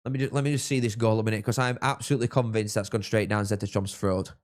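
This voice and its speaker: A young man from England, hosting a live football watchalong and chatting with viewers, reacting loudly to goals. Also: on the low side, fairly even intonation, quick pace. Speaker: livestream host.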